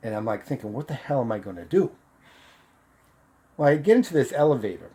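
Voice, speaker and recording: A man's voice: medium pitch, lively intonation, brisk, mellow, slightly rough. A middle-aged man from Massachusetts telling a personal story in a casual, profane way, laughing as he goes and acting out what people said. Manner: profane, laughs through the tale, acts out the voices.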